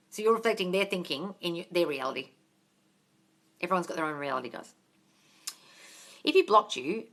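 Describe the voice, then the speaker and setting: A woman's voice: mid-range voice, pushed and bright. An Australian woman hosting a live Q&A, reading viewers' comments aloud, calling them darling and swearing casually. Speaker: manifestation coach host.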